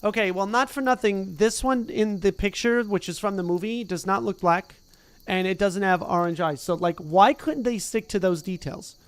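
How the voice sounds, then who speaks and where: A streamer reading a novel aloud in a relaxed, casual way, stumbling over words now and then and breaking off to chat. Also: mid-range voice, normal speed, smooth. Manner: chatty, easily sidetracked, stumbles over words.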